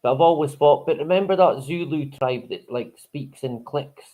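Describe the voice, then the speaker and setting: A man's voice: a little high, moderate pace, dark tone. A man hosting a live stream in casual chat, rambling, swearing freely and chuckling often.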